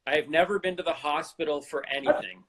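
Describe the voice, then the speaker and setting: A man's voice: a little high, fast. A man hosting a podcast, chatting in a joking way and repeating words as he thinks. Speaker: podcast host. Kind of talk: casual chat.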